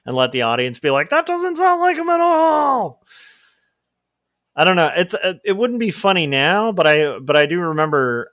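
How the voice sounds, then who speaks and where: A man's voice: medium pitch, fairly bright tone. A man chats loosely on a livestream while he draws comics, often poking fun at himself. His voice sits mid-range for a man. The sound is dry and close, with no room echo. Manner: rambling and self-deprecating, with laughs. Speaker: livestream host and comic artist. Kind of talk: casual livestream chat.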